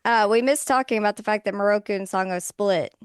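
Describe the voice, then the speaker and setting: A woman's voice: medium pitch, fast, clean tone, no room sound, clean studio sound. A woman co-hosting a podcast, chiming in on an anime recap with short playful reactions in casual chat. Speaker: podcast co-host.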